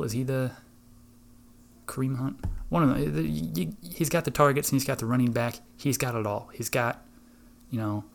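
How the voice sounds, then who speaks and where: Gravelly guy on his podcast, just rambling and swearing about his weekend, laughs at himself. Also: mid-range voice, slight background noise. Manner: rambling, profane, laughs at his own stories. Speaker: podcast host. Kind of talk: casual solo podcast chat.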